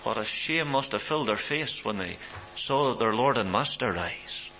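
A man preaching a sermon, swelling in pitch and loudness for emphasis, on a dull recording with mains hum. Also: expressive, normal speed.

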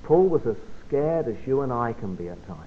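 A man preaching a Bible study sermon, emphatic and expressive, often dropping to a quiet, low voice for emphasis. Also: brisk, slight background noise. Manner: expressive, emphatic delivery with sudden drops to quiet. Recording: phone-like narrow band.

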